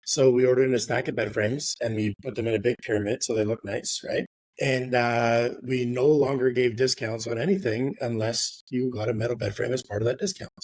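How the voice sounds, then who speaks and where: A middle-aged man tells a work story in an easy, rambling way, leaning on fillers and a habitual "right?", with the odd curse word. His voice sits at an ordinary middle pitch. The recording is dry and close, with no room sound around him. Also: fairly quick, a little mellow, dry recording. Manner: rambling, filler-heavy, swears, ends with "right?". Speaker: real estate agent guest. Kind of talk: casual storytelling interview.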